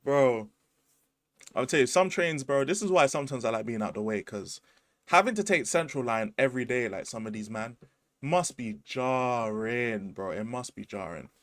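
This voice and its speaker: A man's voice: mid-range voice, big pitch swings, fairly quick, fairly bright tone, no echo, clean studio sound. Slangy laid-back London man. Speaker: streamer host. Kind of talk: casual livestream chat.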